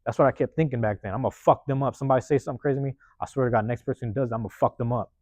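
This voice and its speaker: A man hosting a podcast, telling a personal story in a rapid, profane, casual way and acting out the lines of the people in it. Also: mid-range voice, no room sound. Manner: profane, rapid, animated retelling with acted-out quotes. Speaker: podcast host.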